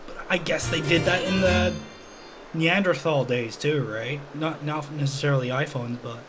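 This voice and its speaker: A man's voice: on the high side, moderate pace, over music. A young man casually commentating a game on his stream, joking and slangy. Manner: joking, slangy, laid-back.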